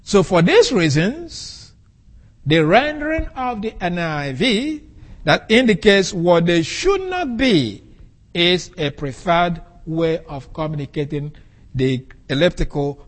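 A man preaches from the pulpit in a measured, unhurried way, leaning hard on single words to drive his point home. His voice sits high and swoops widely up and down as he explains the text. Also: sing-song. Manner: deliberate, emphatic, stresses key words. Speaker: pastor. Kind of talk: expository sermon.

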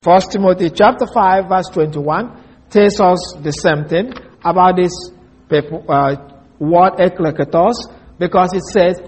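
A man preaching an expository sermon, reading scripture slowly and stressing key words. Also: sits high, a little mellow, husky.

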